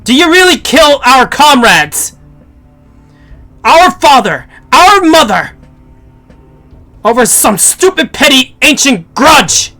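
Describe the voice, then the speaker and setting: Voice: high-pitched, big pitch swings, slow, long pauses, bright, forceful tone, faint music behind, exaggerated voice. A streamer reading a game script aloud on stream, voicing a shocked young ally who pleads with a traitor. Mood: distraught.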